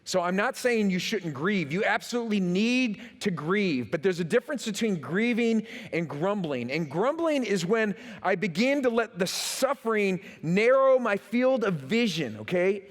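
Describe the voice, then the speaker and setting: A man preaches from the stage, his voice a little high and swinging widely in pitch as he acts out quotes and leans on repeated words. His sermon rings out with the long echo of a big church hall. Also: animated, normal speed, few pauses. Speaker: pastor. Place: large church auditorium.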